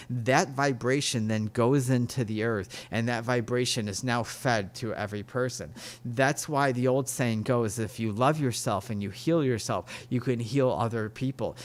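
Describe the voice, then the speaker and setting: A man hosting a podcast, talking in an earnest, rambling way about spirituality and telling stories. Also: medium pitch. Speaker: podcast host. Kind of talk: casual spiritual talk.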